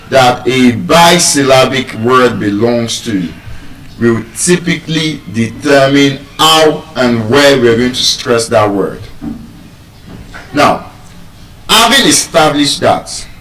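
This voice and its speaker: A man from Nigeria teaching a lesson on word stress to public speakers, measured and repetitive, asking his listeners questions as he goes. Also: medium pitch, fairly bright tone. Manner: measured, repeats key points, asks the audience questions. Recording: roomy echo, speaker far from the mic.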